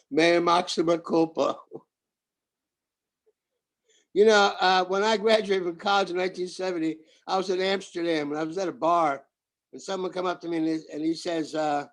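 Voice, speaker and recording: An American man in his seventies chatting on a video call, joking and telling rambling anecdotes. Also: a little high. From United States. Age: 70s. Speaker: participant. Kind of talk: casual chat on a video call.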